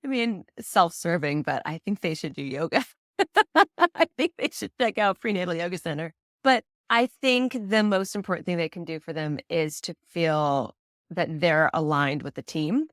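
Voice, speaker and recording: A woman guest in a casual interview, chatty and quick to laugh, often acting out the voices of people she quotes. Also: fairly low pitch, animated, no room sound, clean studio sound. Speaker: prenatal yoga teacher and doula, guest.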